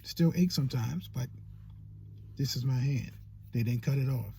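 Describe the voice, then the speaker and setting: A man's voice: mid-range voice, normal speed, creaky, dark tone, slightly rough. A man giving motivational vlog talk as a YouTube coach, preachy and repeating phrases for emphasis.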